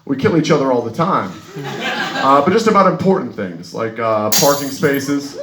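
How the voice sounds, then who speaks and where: A man from New Jersey doing stand-up comedy on a club stage, his voice carrying the roomy ring of the venue through a handheld mic. He tells profane stories in a deadpan way and acts out the voices of the people in them. His pitch sits in the middle for a man. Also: crowd noise. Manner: rapid, profane, deadpan storytelling with acted-out voices. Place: comedy club stage in front of a live audience. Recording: roomy live club recording.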